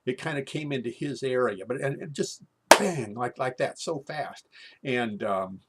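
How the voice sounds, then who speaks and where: A man telling a rambling, animated story with many restarts and fillers. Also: mid-range voice, a little slow, very noisy. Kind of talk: live comic storytelling monologue.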